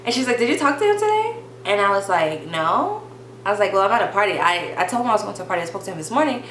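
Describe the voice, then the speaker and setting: A young woman telling a personal story in a casual vlog, chatty and animated, with lots of "like" and quick restarts. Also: medium pitch, echoey room, a little hiss or hum, poor audio.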